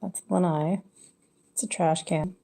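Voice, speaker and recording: A woman's voice: lowish voice, steady tone, measured pace, vocal fry, warm tone. A woman chatting casually and candidly on a live stream from home, rambling from one thing to the next. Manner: rambling, candid, drifts into whispers at times. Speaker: livestreamer.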